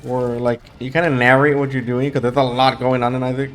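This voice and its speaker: A young man talks over his gameplay in a relaxed, rambling way, full of fillers and restarts. His throat is dry and his voice is sleepy from the late hour. Soft music plays faintly behind him. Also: mid-range voice, fairly quick, hardly any pauses. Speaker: gaming YouTuber. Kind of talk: casual gameplay commentary.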